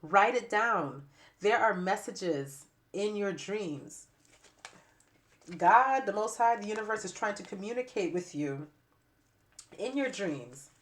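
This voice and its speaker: A woman giving a spiritual tarot reading to camera with a stuffy nose and raspy throat, repeating phrases emphatically like preaching. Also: medium pitch, lively intonation, takes it slowly, pauses often. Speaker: tarot reader.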